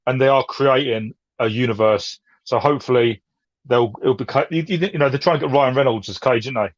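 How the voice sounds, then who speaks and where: A man's voice: mid-range voice, fairly quick, dry recording. Eager man on a dull, dry call line. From England. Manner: enthusiastic, stumbling restarts. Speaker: stream guest. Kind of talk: casual chat.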